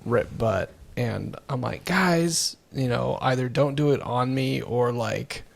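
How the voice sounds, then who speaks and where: Gravelly-voiced man in rambling chat. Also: mid-range voice, steady tone. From United States. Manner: rambling, halting restarts. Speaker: podcast co-host. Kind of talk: casual chat.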